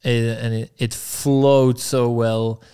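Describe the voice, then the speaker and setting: A man's voice: medium pitch, level tone, slow, warm tone, clean tone. A young man as a podcast guest, telling a long story in a casual, laid-back way, swearing freely and acting out what people said.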